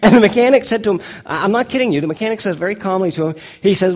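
A pastor delivers his Sunday sermon in a voice pitched a little above the usual for a man. He tells an illustration story and climbs higher and louder when he acts out the dialogue. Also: racing, few pauses. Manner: storytelling preacher, rises in pitch and volume for dialogue.

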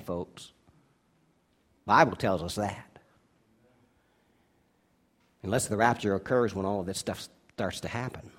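Male pastor, sermon delivery, loud emphatic peaks and low quiet asides. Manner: stretches key words slowly for emphasis.

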